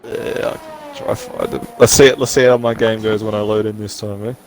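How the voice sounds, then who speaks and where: A man co-commentating a sim racing league, joking with his co-hosts and jumping into high excited yelps. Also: moderate pace, gravelly, a little hiss or hum. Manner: excitable, jokey banter with sudden high yelps.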